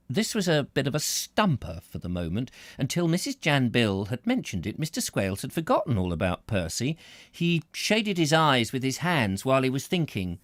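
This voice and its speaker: A man's voice: medium pitch, big pitch swings, moderate pace, dry recording, studio quality. A man hosting a live reading of a novel, narrating expressively with occasional slips and restarts. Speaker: book reader, host.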